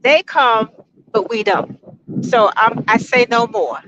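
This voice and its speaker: A woman's voice: fairly high pitch, slow pace, a bit bright, a little hiss or hum. A woman in her sixties, a guest nearing retirement, speaks enthusiastically and emphatically about her visit. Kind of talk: casual testimonial. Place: outdoors on a beach. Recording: dull lo-fi outdoor recording.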